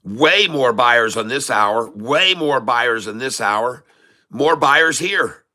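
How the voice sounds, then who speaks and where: A middle-aged man hosting live day-trading commentary, excitable and folksy, repeating phrases for emphasis. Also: medium pitch, takes it slowly. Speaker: day trader host.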